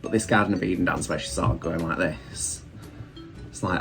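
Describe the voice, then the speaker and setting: A British drag queen chats casually and self-deprecatingly while doing his makeup in a room at home. His voice is low-pitched, creaky and a bit bright, at normal speed, with faint music playing in the background.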